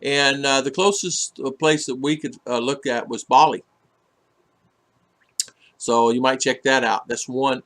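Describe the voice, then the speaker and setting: A man's voice: mid-range voice, fairly even intonation, a little slow, long pauses, fairly bright tone. Rambling man reading live chat. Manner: rambling, many fillers and restarts. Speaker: livestream host reading chat. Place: home in the Philippines.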